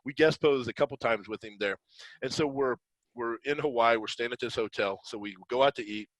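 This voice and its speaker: A man, a guest coach, telling casual stories in an animated way, full of fillers and laughter. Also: medium pitch, a little fast, no room sound, poor audio. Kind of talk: casual anecdotal storytelling.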